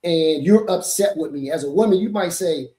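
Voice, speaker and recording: A man hosting a podcast, his voice sitting a little higher than most men's. He talks casually, reads viewer comments aloud and then answers them. The room adds a noticeable echo. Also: normal speed, warm tone. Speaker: podcast host. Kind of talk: casual chat.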